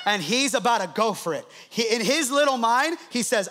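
High-voiced pastor telling a funny story in a sermon, laughing as he goes. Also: normal speed, few pauses. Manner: animated storytelling, laughing as he preaches.

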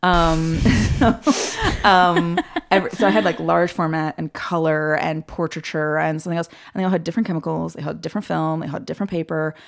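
Woman, gravelly voice, lowish pitch, animated podcast storyteller, acts out the voices she quotes. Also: a little fast. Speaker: guest, film director. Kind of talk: casual podcast interview storytelling.

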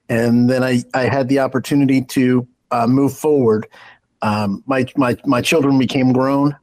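A middle-aged man, a radio interview guest, talking in an earnest, halting way with frequent restarts as he tells personal stories. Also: medium pitch, a little mellow, low-quality recording. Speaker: guest, political party executive director.

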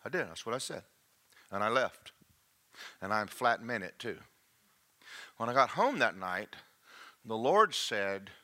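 An older man preaching a sermon, swinging between hushed asides and slow, emphatic lines. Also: lowish voice, expressive. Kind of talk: sermon with personal testimony.

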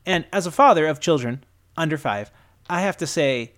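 Guy in his 30s, higher voice, animated emphatic podcast chat, pitch jumps all over. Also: normal speed. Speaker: podcast co-host. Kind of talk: casual chat.

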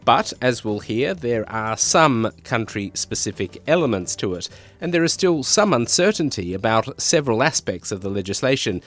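A man with a slightly raspy voice from a cold, hosting a news podcast in a formal, measured way. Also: medium pitch, big pitch swings, fairly bright tone, faint music behind. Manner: formal, measured presenter delivery. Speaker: podcast host, senior editor. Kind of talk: scripted news podcast interview.

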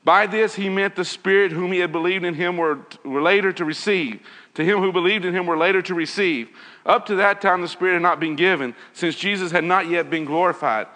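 Earnest high-voiced man teaching scripture. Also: steady tone, a little fast, bright, forceful tone, in a large hall. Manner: earnest, repeats phrases, reads scripture aloud. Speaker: Bible teacher. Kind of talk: evening Bible lesson.

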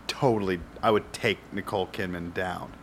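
A man's voice: low-pitched, fairly even intonation, normal speed, slight background noise. A man co-hosting a podcast in playful, casual chat, often laughing. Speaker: podcast co-host.

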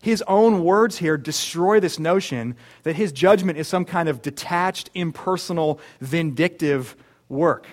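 Male pastor, earnest sermon delivery, slightly high-pitched voice, rhetorical asides. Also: a little slow. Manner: earnest, with rhetorical questions and restarts.

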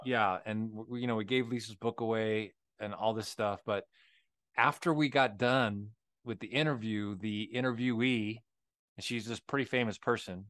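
A man's voice: fairly low pitch, steady tone, moderate pace, a bit bright, no room sound. A man co-hosting a faith podcast who tells stories candidly and keeps checking in with "right?". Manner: candid storytelling, tags with "right?". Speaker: podcast co-host. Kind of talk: casual faith conversation.

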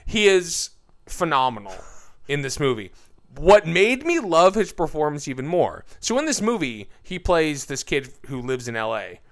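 A man co-hosting a casual film podcast, joking and teasing his partner with quick asides. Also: fairly high pitch, sing-song. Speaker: podcast co-host.

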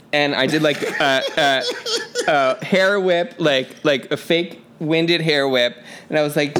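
Male flight attendant and drag queen, chatty storyteller, smooth clear tone, playful and animated. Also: fairly high pitch, a little slow. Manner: animated, laughing storyteller who acts out quoted voices. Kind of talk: casual storytelling chat.

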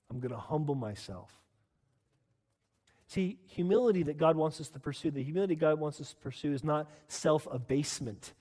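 Male pastor, slightly high voice, emphatic sermon delivery, long hall reverb. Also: lively intonation, moderate pace. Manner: emphatic preaching, repeats "listen", rises to loud peaks.

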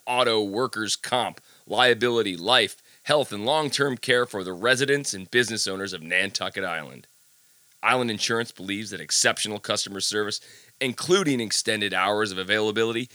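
Chatty, self-mocking male podcast host; sharp, bright voice, dead-dry close recording. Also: on the low side, no room sound. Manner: chatty, jokey, self-deprecating. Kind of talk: casual podcast monologue with ad reads.

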